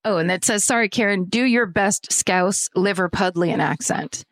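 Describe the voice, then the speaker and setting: A woman's voice: medium pitch, moderate pace, dry recording, studio quality. Woman co-hosting, laughing often. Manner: laughs often, reads with deadpan asides. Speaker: podcast co-host. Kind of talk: casual chat, reading listener stories aloud.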